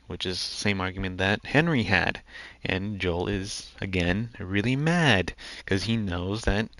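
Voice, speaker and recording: A man with a fairly low voice talks through a video game as he plays it. His commentary rambles, breaking off and restarting mid-sentence as he thinks aloud. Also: a little slow, fairly bright tone, no echo. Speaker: gaming video host. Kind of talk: let's play commentary.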